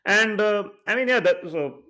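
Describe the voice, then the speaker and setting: A man's voice: sits high, lively intonation, normal speed, pushed and bright. A man with an Indian English accent, co-hosting a casual podcast and wryly summing up the running jokes. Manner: wry, explains the jokes back in a dry summing-up way. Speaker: podcast co-host.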